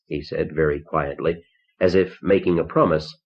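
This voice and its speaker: A man narrating a short story in the first person, measured and somber, on a dull old cassette tape. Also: a bass voice, slightly rough. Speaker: audiobook narrator.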